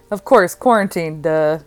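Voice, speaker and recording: A young woman hosting a casual solo podcast from home, rambling, giggling and joking at herself. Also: lowish voice. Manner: rambling, giggly and self-deprecating. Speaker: podcast host.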